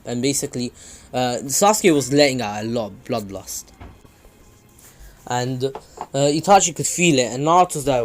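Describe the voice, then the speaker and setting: A man's voice: mid-range voice, expressive, a little slow, long pauses. Casual rambling young-sounding male storyteller. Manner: loose and rambling, with many ums and restarts. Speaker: channel host. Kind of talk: casual retelling of a fan story.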